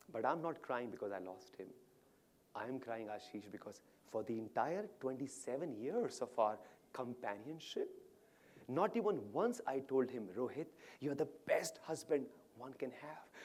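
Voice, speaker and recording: A man on stage voicing a grieving widow in her fifties, hushed and tearful, sometimes dropping to a whisper. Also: fairly high pitch, breathy edge.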